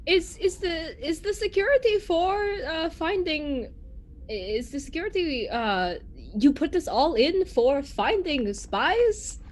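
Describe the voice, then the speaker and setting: A woman's voice: very high-pitched, expressive, slow. A woman from Massachusetts playing a tabletop game, hesitant and full of fillers. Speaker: player. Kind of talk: tabletop role-play.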